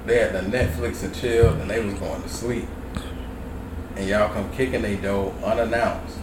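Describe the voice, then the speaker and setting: Blunt low-voiced man on a roomy podcast. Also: steady tone. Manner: blunt, profane, drawn-out phrasing. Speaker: podcast co-host. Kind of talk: casual chat. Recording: roomy, distant mic with background noise.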